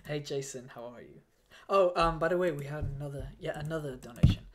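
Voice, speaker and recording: A man's voice: fairly high pitch, fairly quick. A man on a casual livestream, overheated in a fursuit and a bit foggy, who rambles, stammers and restarts his sentences while reading donations.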